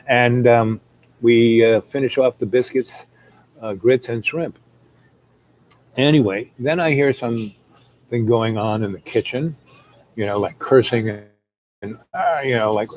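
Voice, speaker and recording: A man's voice: medium pitch, unhurried, pauses often, rough recording. A man telling a long rambling story, full of fillers, who acts out the people he quotes. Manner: meandering, many fillers, acts out quoted voices.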